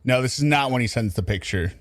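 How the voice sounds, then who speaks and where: A man's voice: mid-range voice, fast talker, slight background noise. A man giving amused, sarcastic commentary on a true crime story, laughing often. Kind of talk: reaction commentary.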